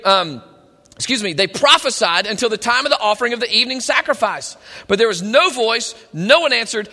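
A man's voice: extremely high pitch, bright, forceful tone, long reverb tail. A man preaching a sermon, reading scripture and retelling it in casual modern speech.

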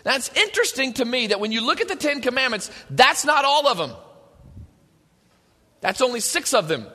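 High, bright-voiced pastor man preaching. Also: normal speed. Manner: animated, rhetorical, talks straight to the congregation. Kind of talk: sermon. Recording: long hall reverb.

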